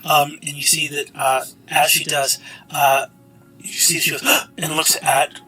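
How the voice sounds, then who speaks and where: Halting male game master. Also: on the high side, little pitch movement, sharp tone, slightly rough, soft background music, rough recording. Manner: halting, full of fillers. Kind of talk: narrating a tabletop game.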